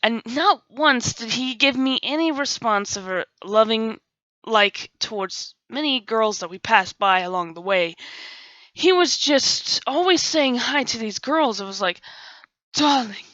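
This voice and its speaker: A woman's voice: fairly high pitch, lively intonation, measured pace, sharp tone, no room sound. A young woman hosting a gaming video, telling a rambling, self-mocking story with giggles. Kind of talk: storytelling over gameplay. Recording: dull lo-fi dry recording.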